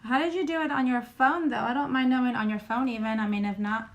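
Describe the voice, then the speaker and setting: A woman's voice: fairly high pitch, steady tone, fast talker. A woman hosting a casual livestream at home. She reads names aloud and keeps apologizing for mispronouncing them. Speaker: YouTube livestream host. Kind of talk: casual livestream chat, reading a list aloud.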